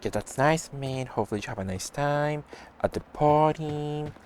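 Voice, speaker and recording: With slight background noise, a man with a fairly high, darkish voice talks at normal speed while playing a video game on stream. He's chatty, reads out messages from chat and replies to viewers.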